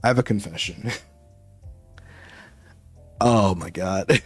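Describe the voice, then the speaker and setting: A man's voice: on the low side, huge pitch swings, very slow, husky, no room sound, faint music behind. A male VTuber chatting casually with his viewers, rambling and laughing often. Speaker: VTuber streamer.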